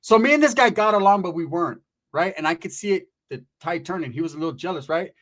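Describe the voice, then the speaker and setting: A man's voice: sits high, lively intonation, fast talker, a bit bright. A man telling a story in casual, profane street slang, constantly checking in with "right?".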